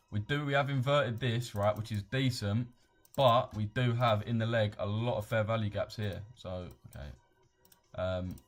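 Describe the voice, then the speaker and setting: Young london guy on a trading stream, lowish voice, rambly and slangy. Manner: slangy, rambling, reads chat aloud. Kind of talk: casual live-stream chat.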